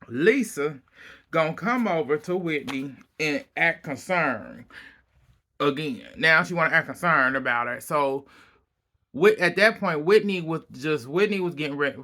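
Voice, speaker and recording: Animated man recapping gossip. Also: a little high. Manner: animated storytelling, acting out quotes. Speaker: vlog host.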